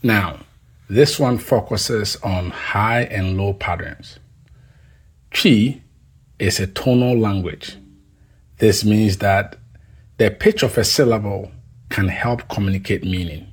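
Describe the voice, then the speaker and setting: A man teaching a language lesson, drilling tones slowly and deliberately, leaving pauses for the listener to repeat after him. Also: lowish voice, breathy edge. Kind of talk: scripted pronunciation lesson.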